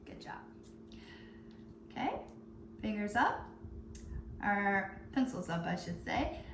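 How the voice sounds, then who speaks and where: A woman teacher leading a phonics lesson for young children, calling out words slowly and stretching out the sounds. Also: mid-range voice, animated, roomy sound, a little hiss or hum. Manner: slow, drawn-out word calling.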